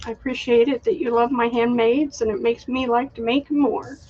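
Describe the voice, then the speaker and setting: A woman hosting a live online craft sale, chatty and unhurried, showing handmade items and reading out winning bidders. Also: on the high side, fairly even intonation, darkish tone, dull audio. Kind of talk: live online sales stream.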